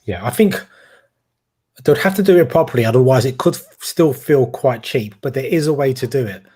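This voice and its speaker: A man's voice: mid-range voice, lively intonation, a little fast, warm tone, husky. A man with a Cockney accent from London's East End, co-hosting a casual film chat and rambling with hesitant restarts. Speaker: podcast co-host.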